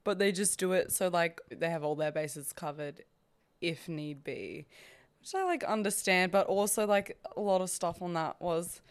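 A woman's voice: on the low side, normal speed. A young woman hosting a podcast in casual chat, talking freely with lots of "like" fillers. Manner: chatty, many "like" fillers. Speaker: podcast host.

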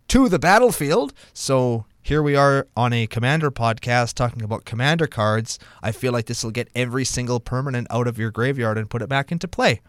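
A mid-pitched man chatting on a podcast about card games. He reads rules aloud and reacts with loud, cheerful profanity. The recording is close and dry. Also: no room sound. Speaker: podcast co-host. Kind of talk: casual card game chat.

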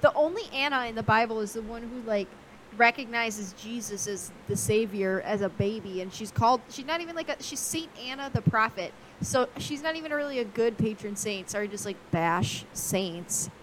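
A woman's voice: fairly high pitch, expressive, moderate pace, a little hiss or hum, low-quality recording. A woman co-hosting a podcast, chatting in a rambling, self-deprecating way. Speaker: podcast co-host. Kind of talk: casual chat.

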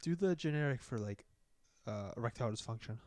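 A man who is a podcast guest in casual chat, easygoing and chiming in with quick reactions. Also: medium pitch, lively intonation, darkish tone, no echo, clean studio sound.

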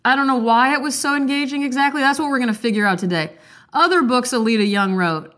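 A young woman chatting casually, then reading a children's book aloud and lifting her pitch for the characters' lines. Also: fast, a bit bright. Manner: chatty, playful, voices characters with pitch lifts. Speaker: book reader and commentator.

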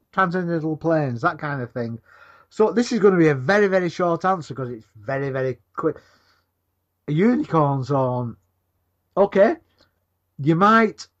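Male podcaster, excitable and crude, muffled lo-fi recording. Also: fairly high pitch. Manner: sweary, excitable, mock-indignant. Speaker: podcast co-host. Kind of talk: crude, rambling casual banter. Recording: dull lo-fi recording.

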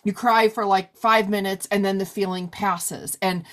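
A woman's voice: medium pitch, fairly even intonation, normal speed. A woman in her forties in a casual conversation, talking loosely with lots of "like" and "you know". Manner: chatty, many fillers like "like" and "you know". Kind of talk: casual chat.

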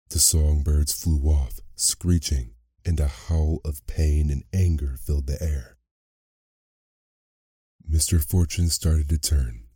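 A man narrating a bedtime story in a soft, unhurried way. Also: very deep voice, slightly rough, no echo, studio quality. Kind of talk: slow bedtime story reading.

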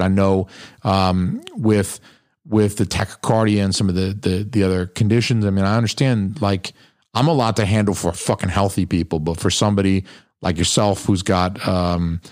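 A podcast host with a somewhat low male voice talks straight into a close mic. The sound is dry, with no room around it. He rambles bluntly and swears constantly. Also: a little mellow, dry recording. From New Hampshire. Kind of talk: profane casual monologue.

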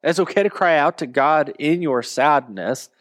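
A man preaching a sermon in an earnest tone, slowing down to stress key words. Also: a little high, a bit bright, dry recording, clean studio sound. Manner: earnest, slows down for emphasis. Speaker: pastor.

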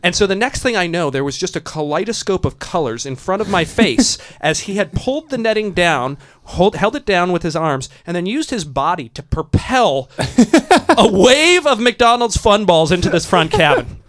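A podcast host with a high voice tells a wild story at normal speed in casual chat. He swears freely and is animated and profane, laughing mid-sentence as he goes.

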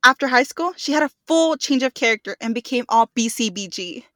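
A young woman co-hosting a podcast in casual chat, playful and quick to laugh. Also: on the high side, lively intonation, bright, forceful tone, no echo. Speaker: podcast co-host.

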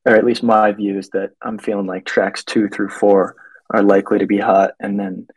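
A man calling in to a casual podcast, pausing and hesitating often as he talks. His voice is low and husky, and the recording is dry and close. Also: level tone, a little mellow, no room sound, low-quality recording. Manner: hesitant, many fillers. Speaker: guest caller.

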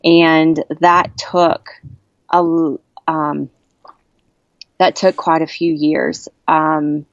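A woman around forty tells a personal story in a candid, heartfelt way. She often stops, restarts and searches for words. Her voice sits fairly low, and the recording is dry, with no room sound, and dull, with a muffled lo-fi tone. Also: flat delivery, no room sound. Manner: earnest, heartfelt, halting with many restarts. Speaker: interviewee sharing a personal story. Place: at a camp.

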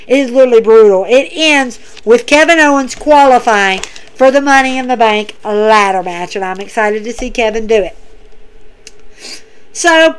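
A woman's voice: fairly high pitch, smooth. A woman hosting a podcast, recapping in a casual, chatty way, emphatic and repeating herself as she talks to her listeners. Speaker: podcast host.

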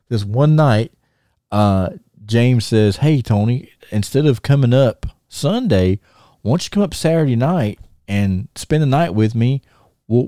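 A man hosting a podcast, telling lively anecdotes in a casual chat and often laughing as he acts out what people said. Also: medium pitch, no echo, clean studio sound. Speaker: podcast host.

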